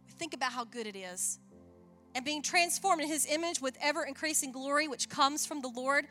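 Animated high bright-voiced woman preaching. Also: a little fast, faint music behind. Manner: animated, acts out quoted voices, chuckles at herself. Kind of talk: sermon.

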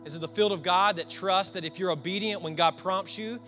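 Bright-voiced Southern man preaching. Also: sits high, brisk, soft background music. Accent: Southern American. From Southern United States. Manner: storytelling, conversational, asks the crowd questions. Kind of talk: sermon. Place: church before a congregation.

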